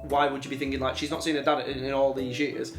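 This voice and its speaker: A man's voice: medium pitch, level tone, roomy sound, over music. A man co-hosting a casual film debate, tumbling over his words with frequent restarts. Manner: rapid, with many restarts and stumbles. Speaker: film show co-host.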